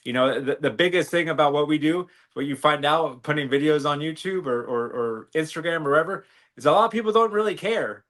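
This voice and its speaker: A man's voice: a little high, fairly quick, few pauses, a bit bright. Rambling, easygoing male podcast co-host. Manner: rambling, many fillers and restarts. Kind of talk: casual chat.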